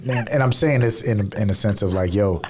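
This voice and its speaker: A man's voice: fairly low pitch, a little fast, noisy background. A man in his thirties co-hosting a podcast, telling stories in a laid-back, slangy way with frequent laughs. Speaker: podcast co-host. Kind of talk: casual chat.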